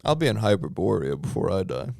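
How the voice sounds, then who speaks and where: A man's voice: low-pitched, fast talker, vocal fry, dry recording, studio quality. A young man co-hosting a comedy podcast, rambling and swearing in casual banter. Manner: rambling, animated, swears freely. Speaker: podcast co-host.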